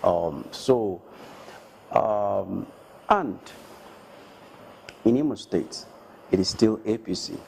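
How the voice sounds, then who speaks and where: A man's voice: fairly low pitch, expressive, drawn-out words, gravelly, pauses often, darkish tone, a little hiss or hum, low-quality recording. A man interviewing a political candidate, asking long, winding questions. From Nigeria.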